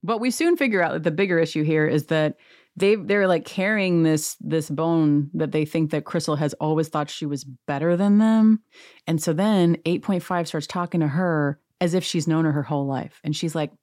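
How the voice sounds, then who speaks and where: A woman's voice: sits low, normal speed, no echo, studio quality. Sarcastic woman ranting about reality TV. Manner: sarcastic, animated rant. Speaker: podcast host. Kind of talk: opinionated reality TV recap.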